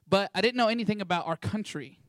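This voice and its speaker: A young man of about eighteen from Texas gives a casual, rambling testimony about a mission trip, full of fillers. His voice sits high and a bit bright, and he talks quickly. The recording is dry, with clean studio sound.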